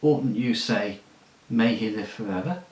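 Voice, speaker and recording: A man reading aloud, voicing an eager, slightly timid young boy who lifts his voice higher. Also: measured pace, echoey room, natural voice, rough recording.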